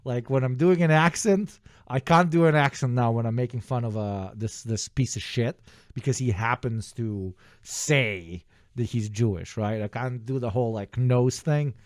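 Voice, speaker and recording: A man's voice: mid-range voice, normal speed, no room sound, clean studio sound. Profane rambling streamer man. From Balkans. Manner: rambling, profane, self-deprecating asides. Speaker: streamer reacting to a clip. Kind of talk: casual livestream commentary.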